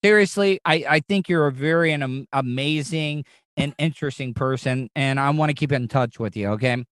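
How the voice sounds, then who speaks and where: A man hosting a podcast in a casual, rambling, excitable way, with frequent swearing. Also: mid-range voice, a little fast, no echo, clean studio sound. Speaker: podcast host.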